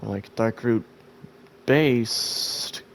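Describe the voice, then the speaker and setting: Slow, sleepy man rambling over gameplay. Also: lowish voice, vocal fry, a little hiss or hum. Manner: rambling, self-mocking, drowsy. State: sleepy, just woke up. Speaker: gameplay video host. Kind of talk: casual let's-play commentary.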